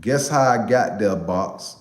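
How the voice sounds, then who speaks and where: A young man, casually telling a personal story to a live chat, animated and repeating himself for emphasis. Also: on the low side, slow, echoey room.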